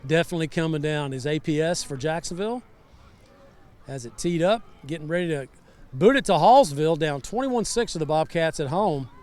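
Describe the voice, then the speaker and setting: A man commentating a high school football game live from a rainy outdoor stadium, chatty and storytelling. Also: lively intonation, brisk, darkish tone. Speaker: sideline reporter and color commentator.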